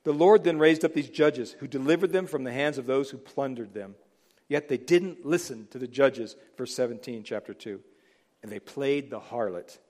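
A middle-aged man preaching a sermon, animated, acting out Bible figures in voices. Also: medium pitch. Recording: long hall reverb.

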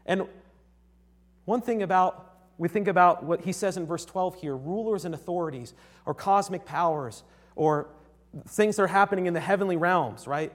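A young man from Connecticut delivers a sermon in an earnest, conversational manner. His voice sits a little high for a man, and he often restarts his sentences while checking in with his listeners. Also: moderate pace. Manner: earnest, conversational, with frequent restarts and rhetorical "right?". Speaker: preacher.

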